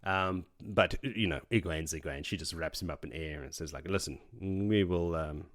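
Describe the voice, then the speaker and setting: A man co-hosting a book podcast, recapping chapters in casual chat and acting out characters' lines in quick voices. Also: deep voice, a bit bright. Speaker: podcast co-host.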